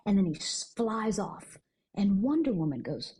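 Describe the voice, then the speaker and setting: A middle-aged woman, a guest on a podcast, chatting casually and telling stories in an animated way, quick to laugh. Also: medium pitch, slightly rough. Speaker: guest, stage actor.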